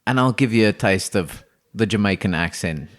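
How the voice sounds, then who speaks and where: A man co-hosting a casual podcast, spinning an improvised tale. His voice sits low, yet it rises and falls a great deal as he talks. He rambles, doubling back and restarting his sentences. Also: animated, moderate pace, fairly bright tone. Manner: rambling, restarts, frequent laughter. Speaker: podcast co-host telling a story.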